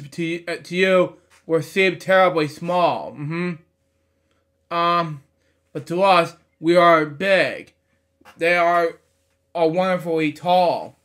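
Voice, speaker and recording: A man's voice: on the high side, a bit bright. A man reading a children's picture book aloud, stumbling over words and breaking off for chatty side comments. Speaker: storybook reader.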